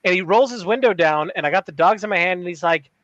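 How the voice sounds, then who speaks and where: Middle-aged male co-host, profane storyteller, high pitch, dull lo-fi sound. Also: quick pace, fairly bright tone, no room sound. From Upper Peninsula of Michigan. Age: 40s. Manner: profane, laughing, does accent impressions. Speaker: podcast co-host. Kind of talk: casual comedic banter.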